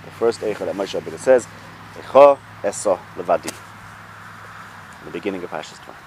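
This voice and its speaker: A man's voice: low voice, lively intonation, fairly quick, a little mellow, slight background noise. A man giving an informal Torah lesson, talking things through conversationally with rhetorical questions and restarts. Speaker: Torah teacher.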